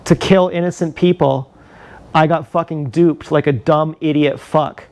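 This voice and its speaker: A man's voice: fairly high pitch, fairly even intonation, a little slow, darkish tone. A man ranting angrily and profanely on a live stream, filmed with an action camera. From Canada. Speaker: livestreamer.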